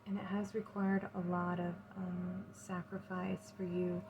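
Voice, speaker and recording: A woman reading tarot cards in a gentle, soothing way, often moved and effusive. Her voice sits fairly low and stays even, with little rise and fall. A steady hiss of background noise runs under her speech. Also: a little slow, low-quality recording. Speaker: tarot reader. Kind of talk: pick-a-card tarot reading.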